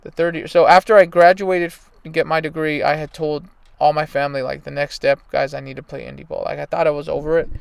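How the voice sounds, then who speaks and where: A man in his thirties tells a rambling, emphatic story in casual talk. His voice is a little high and gravelly, yet smooth and clear. The sound is dry and close. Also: level tone, quick pace, hardly any pauses, no room sound. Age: 30s. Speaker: baseball player and coach.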